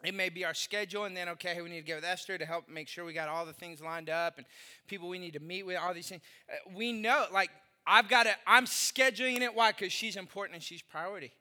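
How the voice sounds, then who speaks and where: A middle-aged male pastor preaching with a very high, piercingly bright voice. He tells humorous stories with animated delivery and sudden shouts. His voice rings out with the long reverb of a big hall. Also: fast talker. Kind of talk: sermon.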